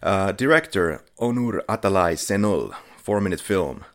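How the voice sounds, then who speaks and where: A Finnish man with a very low voice co-hosts a casual film podcast, walking through short-film plots at a moderate pace. He's laid-back and dryly sarcastic, chuckling now and then as he reviews.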